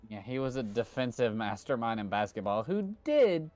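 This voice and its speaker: A man co-hosting a trivia stream, chatting casually and cracking jokes. His voice sits at an ordinary middle pitch, recorded close and dry with no room sound. Now and then he slips into playful put-on accents. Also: big pitch swings, moderate pace, a little mellow, dry recording. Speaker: trivia host. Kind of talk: casual chat.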